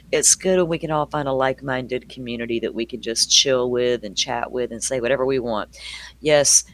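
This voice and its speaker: On a true crime livestream, an older man with a Southern US accent talks casually with live viewers, greeting them by name and laughing often. His voice is medium-pitched with a fairly bright tone.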